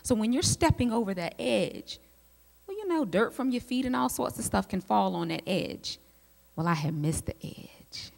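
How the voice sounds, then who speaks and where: A woman, a psychologist giving a teaching talk to a group of women, telling lively personal stories and speaking straight to her listeners. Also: medium pitch, normal speed, gravelly. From United States. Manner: lively storyteller who speaks straight to the audience. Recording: long hall reverb.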